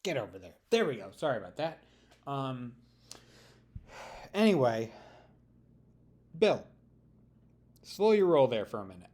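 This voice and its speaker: A man's voice: mid-range voice, sing-song, a little slow, long pauses, darkish tone. A man reacting to a news clip, ranting heatedly and sarcastically with mocking impressions. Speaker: political commentary vlogger. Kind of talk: reaction commentary.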